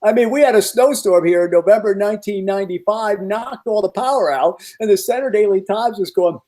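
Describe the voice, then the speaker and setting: A man who is a meteorologist, guesting on a podcast and telling rambling, animated stories with many restarts. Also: high-pitched, brisk. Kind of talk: casual podcast storytelling.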